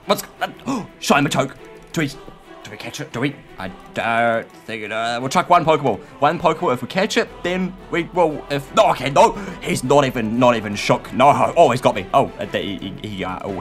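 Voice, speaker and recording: A man commenting on his own gameplay in a frantic, excitable way, often shouting and squealing. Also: medium pitch, moderate pace. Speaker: gaming YouTuber. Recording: light background music.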